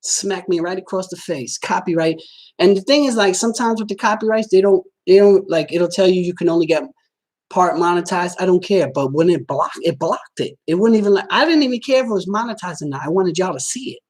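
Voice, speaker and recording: A man's voice: high voice, a little fast, darkish tone. Profane streetwise man chatting on a livestream. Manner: talks straight at viewers, often asking if they follow. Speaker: livestream host reading viewer comments. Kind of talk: casual livestream chat.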